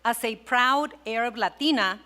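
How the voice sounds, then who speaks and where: A woman's voice: a little high, normal speed, pushed and bright. A woman reading an award nomination at a ceremony in an upbeat, enthusiastic way. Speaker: nominator, alumna.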